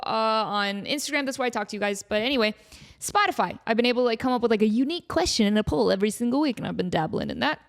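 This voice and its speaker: Chatty bubbly woman podcast host. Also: on the high side. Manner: chatty and bubbly, lots of "like" fillers; playful, jumps into excited voices when telling stories. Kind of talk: casual solo podcast chat.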